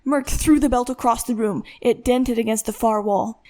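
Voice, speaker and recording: A woman reads a tense thriller audiobook, carrying the story along in a steady, dramatic narration. Her voice sits somewhat high for a woman. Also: moderate pace.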